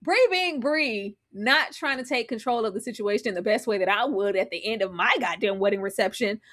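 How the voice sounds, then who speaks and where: A podcast host with a mid-range, slightly bright voice speaks a little fast while recapping a TV show live. She retells scenes animatedly, acting out quotes and laughing.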